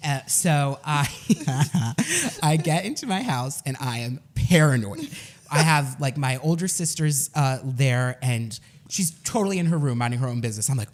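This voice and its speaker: A young man co-hosting a podcast, telling a story in a casual, animated way and laughing often. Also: medium pitch, moderate pace. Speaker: podcast co-host.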